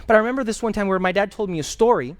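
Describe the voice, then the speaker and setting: A pastor teaching a Bible class and taking questions from the group, telling stories with energy and repeating key phrases, sometimes stopping to search for a word. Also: male voice, high voice, rapid-fire, no echo.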